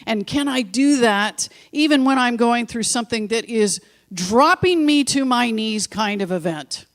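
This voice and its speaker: A woman minister giving a sermon in a church, telling stories with slow, emphatic repetitions and chatty asides to her congregation. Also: a little high, expressive. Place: church sanctuary.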